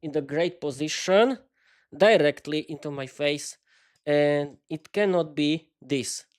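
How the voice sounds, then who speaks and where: A man's voice: a little high, slow pace. A man hosting a casual live-stream podcast, talking to viewers in a hesitant, stuttering way full of restarts while adjusting his lighting, speaking into a desk microphone in a small home studio. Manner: chatty, talks to viewers while fiddling with lighting. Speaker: podcast host.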